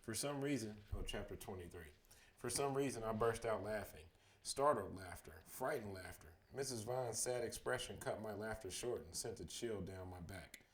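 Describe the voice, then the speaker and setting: A man reading a children's chapter book aloud as a bedtime story, steady in the telling and livelier on the quoted lines. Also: lowish voice, normal speed, a little hiss or hum.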